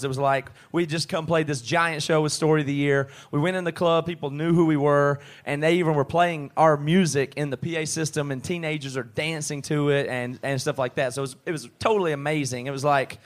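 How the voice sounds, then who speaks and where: A man with a fairly high voice co-hosting a live podcast in a pub. He jokes and chimes in quickly, then settles into a story about playing a club. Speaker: podcast co-host and band member.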